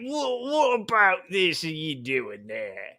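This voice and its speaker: A brash, clumsy bloke who barges into every room, talking in a gruff, drawn-out, vaguely Australian-ish twang, as a man puts him on. The voice sits noticeably higher than plain talk and stretches its words slowly, like a half-serious joke voice. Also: huge pitch swings, pushed and bright, full character voice. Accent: put-on vague Australian-ish.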